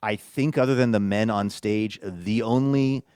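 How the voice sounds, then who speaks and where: A man's voice: lowish voice, unhurried, a little mellow, clean tone, dry recording, clean studio sound. A man co-hosting a podcast, telling a rambling, self-amused story in casual chat. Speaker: podcast co-host.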